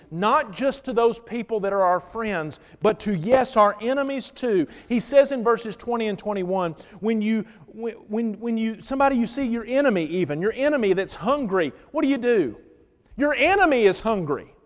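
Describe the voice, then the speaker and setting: A man preaching a sermon as pastor, telling stories and swinging between loud emphatic lines and hushed ones. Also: high voice, animated, normal speed, big-room sound.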